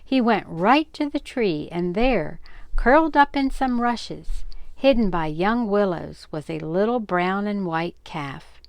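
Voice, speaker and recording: Older woman, storybook read-aloud, slow, gentle, expressive, dry room. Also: medium pitch, no echo. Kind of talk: reading aloud a children's story.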